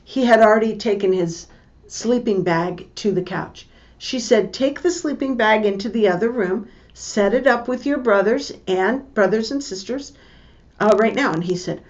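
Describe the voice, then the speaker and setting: A middle-aged woman teaching a lesson, telling a family story slowly and deliberately and acting out the voices of the people in it. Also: mid-range voice, animated, darkish tone. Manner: slow, deliberate, acts out the voices in her story. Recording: dull lo-fi recording.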